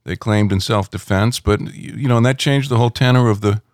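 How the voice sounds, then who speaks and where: Low, smooth-voiced man telling stories. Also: brisk, darkish tone, dry recording, clean studio sound. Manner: rambling anecdotal, many fillers. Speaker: rock critic guest. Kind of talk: relaxed interview storytelling. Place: home.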